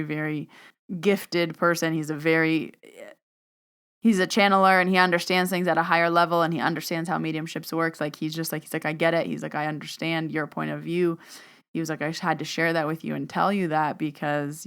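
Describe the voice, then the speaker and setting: Chatty woman podcaster with a smooth voice. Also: deep voice, level tone, fairly quick, fairly bright tone. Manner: chatty, peppered with "like", acts out quoted exchanges. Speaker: podcast host and medium. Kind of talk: casual storytelling monologue.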